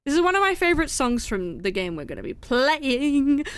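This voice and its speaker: A woman live streamer chatting casually with viewers, excitable and giggly, with the hiccups. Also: high voice, normal speed, no echo. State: has the hiccups.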